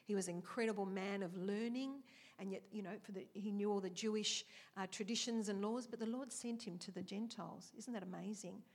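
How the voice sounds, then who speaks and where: A woman's voice: medium pitch, a little fast. Woman preacher, chatty storytelling sermon, asks the room questions, acts out quotes.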